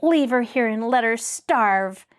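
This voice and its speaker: A woman's voice: on the high side, slow pace. Woman narrator doing a mean cold young kidnapper girl, clipped and icy, storybook style.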